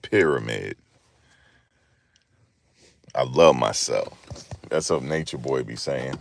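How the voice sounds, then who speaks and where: A man with an extremely deep, low voice talks loosely to his live-stream viewers. His delivery is laid-back and repetitive, full of street slang, like a rideshare driver chatting between rides. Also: slow pace, creaky, background noise. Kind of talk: casual live-stream chat.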